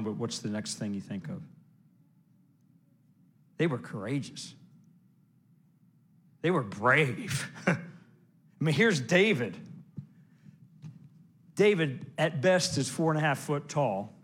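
A man preaching a sermon, telling lively stories and urging listeners on, with loud exclamations and hushed asides. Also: mid-range voice, takes it slowly, long pauses. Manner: exhorting listeners directly.

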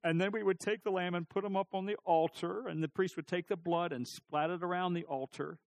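A middle-aged male pastor delivers a sermon in a voice a touch higher than most men's. He swings between emphatic, rising lines and quiet, near-whispered moments, often asking his listeners questions. The recording is dry and close. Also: brisk, gravelly, no echo. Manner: animated storytelling, rising emphasis and sudden drops to near-whisper; asks the congregation questions.

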